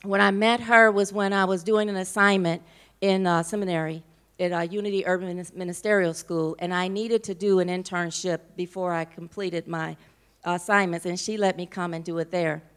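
A woman's voice: lowish voice, fairly even intonation, moderate pace, a bit bright, clean tone. A woman minister with an American accent introducing a guest speaker in church, emotional and informal with playful asides.

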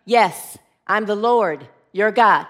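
A woman voicing a calm, commanding, booming male God in a joke told from the pulpit. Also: slow pace.

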